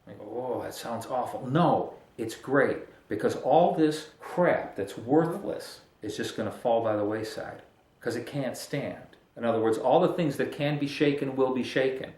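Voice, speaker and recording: Joking, animated male pastor in echoey room. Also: mid-range voice, normal speed. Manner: casual, joking, bursts of emphatic animation. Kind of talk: conversational sermon.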